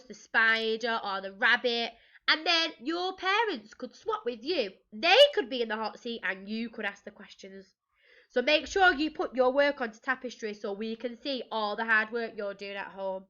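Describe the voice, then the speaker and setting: A woman teacher from England reading a storybook aloud to young children, lively and expressive, with gasps and questions to the listeners. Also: on the high side, lo-fi sound.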